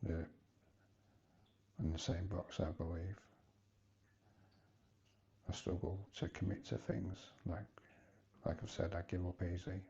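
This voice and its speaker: A man's voice: low voice, flat delivery, a little slow, vocal fry, long pauses, mellow, dull audio. A man in his fifties talking hesitantly in a personal confessional vlog, rambling and restarting often. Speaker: vlogger.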